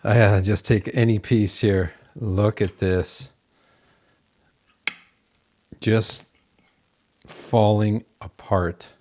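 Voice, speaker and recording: A man with a fairly low voice hosts a home cooking demonstration in his kitchen. He speaks slowly and unhurriedly, exclaiming over the food and chatting to viewers as folks. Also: fairly even intonation, darkish tone. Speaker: cooking show host.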